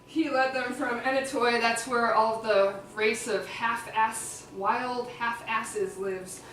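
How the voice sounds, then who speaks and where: Her voice fairly high, steady, and fairly bright, a Chicago-accented woman takes her time performing an ancient epic as live storytelling. Between recited lines she drops in casual, laughing asides, as a performer-translator would. The mic sits at a distance in an echoey hall, with slight background noise.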